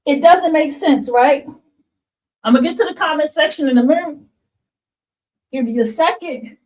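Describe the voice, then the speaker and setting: With a high but darkish voice at a moderate pace, a woman hosting a livestream podcast talks bluntly to her chat, swearing and calling them y'all in a passionate monologue. The mic is distant and the recording low-quality.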